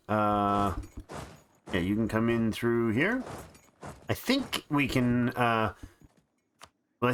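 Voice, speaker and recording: A man's voice: medium pitch, fairly bright tone. A tired man hosting a let's play, thinking aloud in casual game commentary with frequent restarts. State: tired and yawning.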